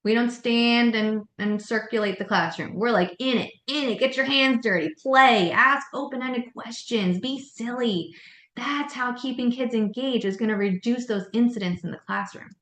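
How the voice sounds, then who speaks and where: A woman's voice: a little high, normal speed, fairly bright tone. A woman leading a childcare staff meeting, giving direct, practical tips on classroom management. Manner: direct, practical, coaching tone with quoted classroom lines. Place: meeting room. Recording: echoey meeting room.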